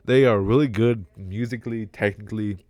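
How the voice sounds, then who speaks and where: A young man rambling casually as a vlogger, excitable, swearing a lot and laughing often between remarks. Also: fairly low pitch, brisk, no room sound.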